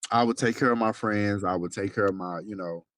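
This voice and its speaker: A man gossiping with his best friend on a phone call. He tells lively, profane stories in slangy talk. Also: on the low side, fairly quick.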